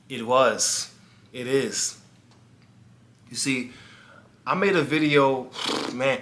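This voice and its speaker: A man coaching his viewers through a personal story, earnest and direct. His voice is bright and forward, sitting at an ordinary middle pitch. He slips into the voices of the people in the story as he tells it. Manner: earnest, talks straight to the viewer, acts out dialogue. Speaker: life coach. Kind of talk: motivational storytelling monologue.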